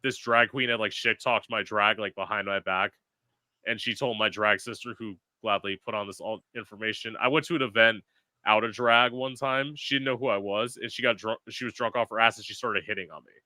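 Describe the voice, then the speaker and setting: A male podcast host chatting casually, telling animated stories and swearing freely. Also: on the low side, a little fast, no room sound. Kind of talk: casual chat.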